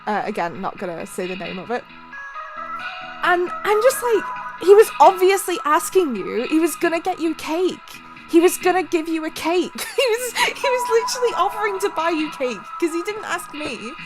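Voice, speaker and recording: Giggly high-voiced woman streaming. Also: normal speed, rough recording. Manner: giggly, animated, breaks into laughter often. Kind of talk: casual storytelling to a stream. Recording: music playing underneath.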